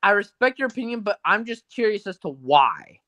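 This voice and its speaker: A co-host chats casually and keeps jumping in with opinions. The tone is bright and sharp, with a lively pitch and a dry, close sound. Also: a little fast, no echo. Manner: curious, chatty, jumps in with opinions. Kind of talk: casual chat.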